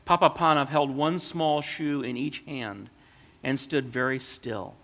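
With a steady tone and middling pitch, a man calmly reads from a storybook, his delivery gentle and measured. Behind every phrase hangs a long reverb, like a large hall.

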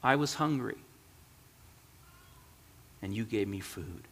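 A man voicing a calm divine presence in a storybook reading, speaking quietly and solemnly. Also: on the low side, takes it slowly, slight background noise, voice pushed down, exaggerated voice. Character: calm, gentle divine male voice. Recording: long hall reverb.

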